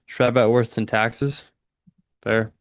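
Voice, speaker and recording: A man's voice: mid-range voice, flat delivery, takes it slowly, dry recording, clean studio sound. A man in his twenties hosting a live trading stream, chatting with viewers and calling the market in a slangy, laid-back way. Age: 20s. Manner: slangy, laid-back, says dude a lot. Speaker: day-trading livestream host. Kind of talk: casual livestream chat with market commentary.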